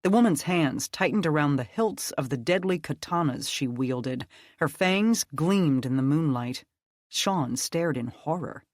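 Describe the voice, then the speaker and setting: An audiobook narrator reading a dark fantasy story in a steady, measured way. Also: mid-range voice, dry recording, clean studio sound.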